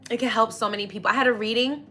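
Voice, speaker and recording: A woman's voice: a little high, steady tone, racing, sharp tone. A young woman hosting a casual astrology talk, effusive and grateful, speaking directly to her viewers and getting teary with happiness. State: tearful with happiness. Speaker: astrology livestream host.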